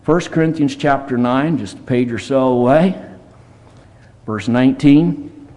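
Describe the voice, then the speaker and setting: Speaking a little slowly in a mid-range, slightly mellow voice, a man preaches at a church service. He's plainspoken and earnest, reading scripture aloud in King James wording.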